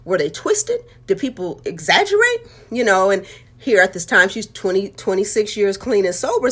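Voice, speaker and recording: A woman's voice: mid-range voice, sing-song, normal speed, fairly bright tone, husky. A woman and author telling her life story in a candid, heartfelt, conversational way. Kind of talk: candid personal testimony.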